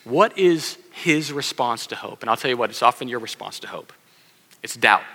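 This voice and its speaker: Bright-voiced preacher in a reverberant hall. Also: male voice, medium pitch, normal speed. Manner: animated, acts out quoted voices, addresses kids in audience. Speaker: pastor. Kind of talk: sermon. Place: church sanctuary.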